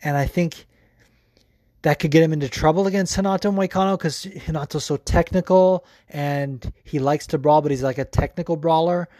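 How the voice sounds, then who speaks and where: A man's voice: on the high side, moderate pace, a little mellow, no echo, studio quality. A young man hosting a podcast, giving casual, profane sports commentary full of fillers. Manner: loose and profane, lots of fillers. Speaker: podcast host.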